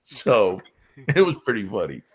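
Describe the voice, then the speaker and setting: A man's voice: moderate pace, over a noisy crowd. A man with a New England accent telling wrestling stories as a guest in casual chat, acting out quotes in voices. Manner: animated, acts out quotes with high-pitched voices. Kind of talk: casual storytelling.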